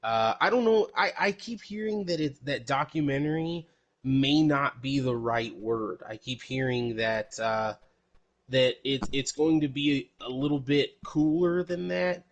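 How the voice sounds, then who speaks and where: Male podcast host from El Paso, casual and profane, mid-pitched voice, talks in loose rambling asides. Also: a little slow, highs cut off. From El Paso, Texas.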